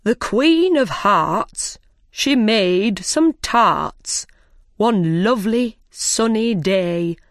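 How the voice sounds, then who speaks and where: A woman voicing a fussy, officious male rabbit who acts as herald, speaking loudly and slowly as if declaiming. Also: mid-range voice, lively intonation, dry recording, clean studio sound. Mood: proclaiming. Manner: loud, slow and declaiming.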